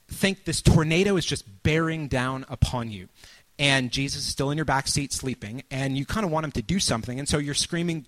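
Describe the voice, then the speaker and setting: A man at medium pitch preaches a sermon, painting a scene for his listeners. He talks loosely with fillers, then acts out moments, rising to cries or dropping to a near-whisper. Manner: storytelling, acts out scenes with sudden shouts and hushed asides.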